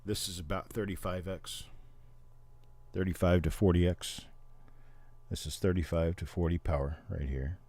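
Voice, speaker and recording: Deep, dark-voiced man hosting a livestream. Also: fairly even intonation, normal speed, pauses often, no room sound. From Missouri, Oklahoma and Memphis, Tennessee. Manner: chatty, explanatory, answers viewers. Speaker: livestream host. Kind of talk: casual livestream commentary.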